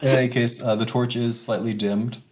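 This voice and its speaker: A man's voice: mid-range voice, steady tone, normal speed, very noisy. A young man running a tabletop game as game master, narrating with lots of hesitant fillers.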